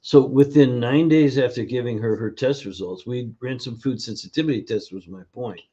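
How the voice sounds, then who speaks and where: A man's voice: medium pitch, mellow, husky. A man being interviewed as a nutrition educator, telling stories with many fillers and acting out the people in them. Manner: storytelling, acts out quoted voices, halting with fillers. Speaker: functional nutrition educator, guest. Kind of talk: casual interview over video. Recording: dull lo-fi sound.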